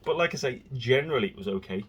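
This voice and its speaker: A man's voice: medium pitch, lively intonation, fast, a little hiss or hum. A man hosting his own podcast, rambling casually from topic to topic and slipping into exasperated rants. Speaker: podcast host.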